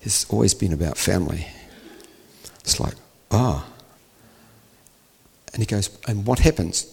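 Male preacher, low and husky, storytelling sermon with acted dialogue, long reverb. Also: lively intonation, measured pace. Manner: storytelling, acts out dialogue, rising to emphatic peaks.

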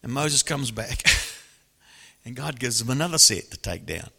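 Animated male preacher with gravelly voice. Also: mid-range voice, measured pace. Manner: lively and animated, laughs often, acts out voices. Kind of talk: sermon. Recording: long hall reverb.

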